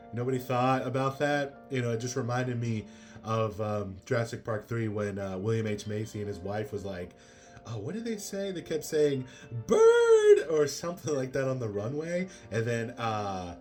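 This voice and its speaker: A man's voice: medium pitch, a little mellow. A man giving a casual spoken movie review, rambling with many fillers and exasperated asides.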